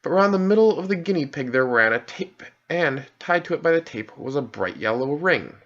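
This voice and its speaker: A man reading a children's novel aloud as an audiobook narrator, calm and soft-spoken. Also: fairly high pitch, moderate pace. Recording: dull lo-fi recording.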